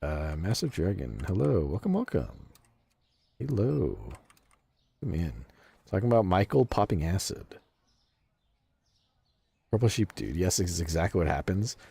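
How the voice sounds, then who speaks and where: A man's voice: low voice, big pitch swings, measured pace, gravelly, long pauses, warm tone, husky. A man streaming a game and casually chatting with his viewers, swearing freely and laughing often. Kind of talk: casual game livestream chat, reading chat aloud.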